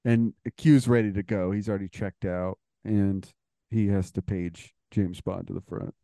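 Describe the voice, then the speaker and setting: Male podcast co-host, rambling comedic riffing, warm and smooth, dry close sound. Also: low-pitched, steady tone, a little slow, no echo. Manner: laughs often, rambling and loose. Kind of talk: casual comedic brainstorming.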